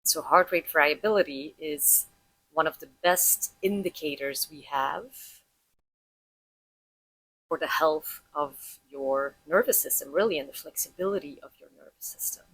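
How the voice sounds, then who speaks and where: A woman teaching about heart rate and breath, calmly explaining and guiding listeners through a breathing practice step by step. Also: low-pitched, measured pace, breathy edge, low-quality recording. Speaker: breathwork instructor.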